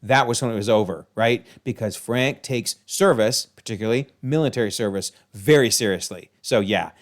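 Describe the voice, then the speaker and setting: A man hosting a video, recapping a TV episode in an animated, exclaiming way. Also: on the low side, moderate pace. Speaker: video host.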